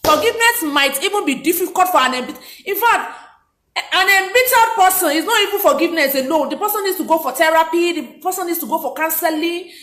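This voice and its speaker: A woman's voice: very high voice, expressive, fast, fairly bright tone. A woman giving a motivational talk, speaking emphatically and repeating her key points. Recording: roomy echo.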